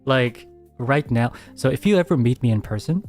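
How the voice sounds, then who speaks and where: A man streamer answering viewer questions in a soft, hesitant casual chat, speaking very close to his mic at home. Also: mid-range voice, lively intonation, moderate pace, faint music behind. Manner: soft-spoken, hesitant, many restarts.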